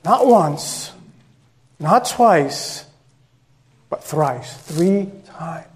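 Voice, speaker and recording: A male preacher voicing a calm teacher who foretells his followers' failings. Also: a little high, extremely slow. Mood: foretelling.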